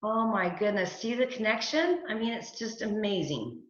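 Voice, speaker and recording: Female host, video call, bright tone, roomy dull audio, responsive listener with quick affirmations. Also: mid-range voice, lively intonation. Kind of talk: interview.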